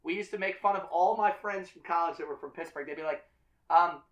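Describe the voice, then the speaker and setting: A man's voice: fairly high pitch, fairly even intonation, brisk, a bit bright, dull audio. A man hosting a casual drinking podcast, rambling, repeating his words and laughing often. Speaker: podcast host. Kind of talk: casual chat.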